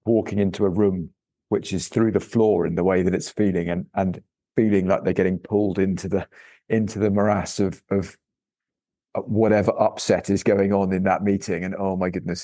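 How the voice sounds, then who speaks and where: A man hosting a casual podcast, speaking in a reflective, halting way. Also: deep voice, dark tone, no room sound. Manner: reflective, halting, frequent backchannels. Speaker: podcast host.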